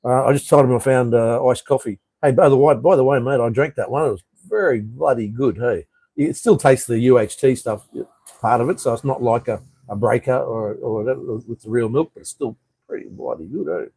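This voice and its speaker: A man's voice: medium pitch, brisk, dark tone, slightly rough, no echo, poor audio. Rambling Australian man, dry close sound. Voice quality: rambling, with frequent ums and uhs. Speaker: live stream host. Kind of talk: casual live stream chat. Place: room overlooking a street. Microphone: camera he turns toward the street.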